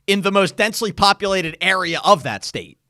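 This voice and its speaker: A young man co-hosting a podcast, telling stories in a casual, animated chat. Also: high-pitched, a little fast, no room sound, clean studio sound. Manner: animated storytelling, frequent "like". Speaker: podcast co-host.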